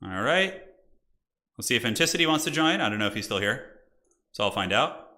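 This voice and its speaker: Lively bright-voiced male streamer. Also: medium pitch, a little fast. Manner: excitable, joking, laughs often, chats to viewers. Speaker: streamer hosting multiplayer matches. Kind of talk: casual live-stream commentary.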